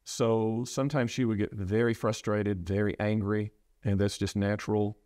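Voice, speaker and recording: A low-voiced middle-aged man speaks with earnest, halting sincerity, often stumbling and restarting mid-thought. He sounds like a preacher recounting something personal. The recording is dry and close, with no room sound. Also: little pitch movement, warm tone, smooth, no room sound. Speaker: preacher sharing his loss. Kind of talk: reflective interview talk.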